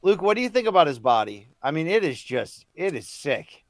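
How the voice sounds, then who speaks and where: Higher-pitched guy, super animated, teasing his cohost w questions. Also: a little fast, no room sound, clean studio sound. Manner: teasing, keeps prodding his co-host with questions. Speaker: co-host. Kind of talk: casual live watch-along chat.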